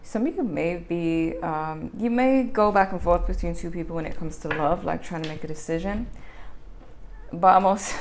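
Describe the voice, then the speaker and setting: A woman's voice: fairly low pitch, moderate pace, a little mellow, slight background noise. Chatty woman reading tarot cards. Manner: chatty, self-correcting, laughs often. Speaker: tarot reader.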